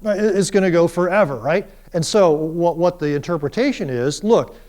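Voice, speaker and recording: A man's voice: high-pitched, moderate pace. A middle-aged man lecturing a university class on the Bible, telling stories and acting out the quotes in different voices. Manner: animated storyteller, acts out quotes in voices.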